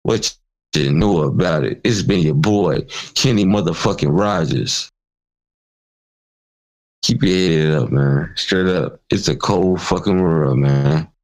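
A man's voice: low voice, slow, darkish tone, poor audio. A man hosting his own channel, delivering an angry, profane, mocking commentary rant. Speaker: channel host. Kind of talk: ranting commentary vlog.

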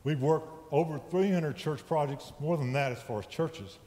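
This lay preacher's voice is fairly high and mellow, moving at a normal speed as he gives a conversational sermon. He checks in with his listeners often from the church sanctuary, where the sound echoes as in a church hall with long reverb.

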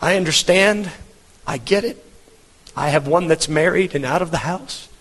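A man's voice: fairly high pitch, moderate pace, fairly bright tone. A middle-aged man preaching a sermon as pastor, earnest and emphatic, repeating his words for weight. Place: church hall. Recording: long hall reverb.

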